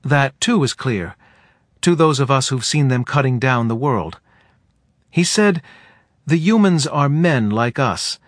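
A man voicing a soft-spoken male forest being who talks in a quiet, hesitant, almost drowsy way. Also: a little high, no room sound, studio quality, voice pushed up. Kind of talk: audiobook character voice.

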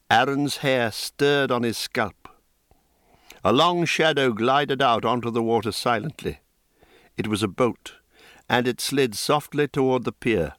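A man reading a fantasy novel aloud in a measured, deliberate storytelling voice. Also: mid-range voice, fairly bright tone, dry recording, clean studio sound. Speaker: audiobook narrator. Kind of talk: scripted narration of a fantasy novel.

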